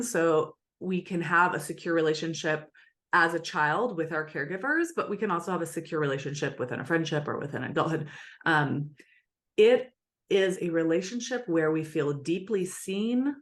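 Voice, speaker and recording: Low-voiced woman explaining attachment earnestly. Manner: earnest, explains with acted examples. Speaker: attachment expert guest. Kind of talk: explanatory interview talk.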